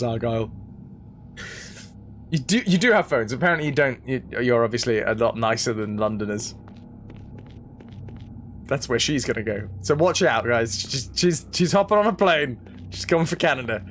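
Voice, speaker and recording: A young man streaming a game, telling stories and chatting with his viewers in a lively, casual way. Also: mid-range voice, slight background noise. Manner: animated, chatty storytelling to viewers. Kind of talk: casual chat while playing a game.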